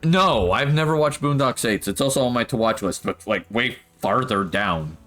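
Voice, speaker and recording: A man's voice: medium pitch, normal speed, a bit bright, faint music behind. A man streaming a game, chatting casually and laughing often as he rambles. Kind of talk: casual live-stream chat.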